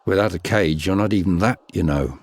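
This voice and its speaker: An actor playing a tired, gruff older hunter and trapper in a video game. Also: male voice, low voice, fairly quick, dry recording. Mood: weary. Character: weary older male hunter and trapper, foster father.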